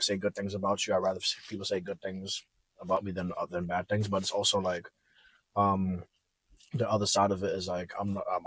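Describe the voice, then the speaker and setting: Husky-voiced young man talking candidly. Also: low-pitched, dry recording. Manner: candid, reflective, many fillers. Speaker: podcast guest. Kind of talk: casual conversation.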